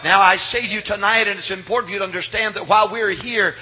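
A middle-aged man preaching a fiery revival sermon as pastor, swinging from low murmurs to shouted climaxes, repeating cadenced phrases and calling for his audience's response. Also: fairly even intonation, fast talker, slight background noise.

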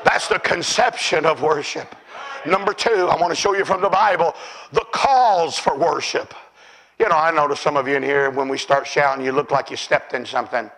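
A man preaching a sermon, telling stories with fervour and often shouting. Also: on the high side, moderate pace, low-quality recording. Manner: fervent storytelling, often shouting.

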